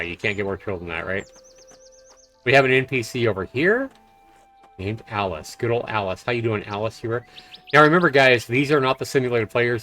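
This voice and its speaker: A man's voice: lowish voice, fairly bright tone. A man doing casual live commentary while playing a game, chatty and loose with fillers. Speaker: game streamer. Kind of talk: live let's-play commentary.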